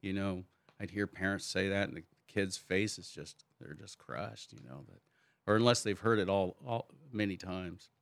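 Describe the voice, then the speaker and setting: Older man, very deep voice, dry close sound, thoughtful conversational storyteller. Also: moderate pace, vocal fry, fairly bright tone, no echo. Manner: reflective, storytelling, laughs easily. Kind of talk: casual conversation.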